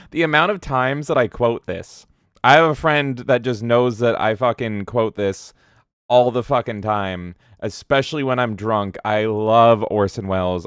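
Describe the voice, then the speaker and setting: A man from Canada who hosts a game stream, chatting casually in a profane, excitable, rambling way. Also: mid-range voice, clean tone, no room sound, studio quality. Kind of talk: casual livestream chat.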